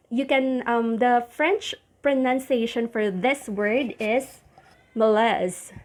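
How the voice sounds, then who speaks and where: Slow-spoken woman teaching pronunciation. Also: on the high side, darkish tone. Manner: slow, careful, repeats each word, self-correcting. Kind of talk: casual teaching.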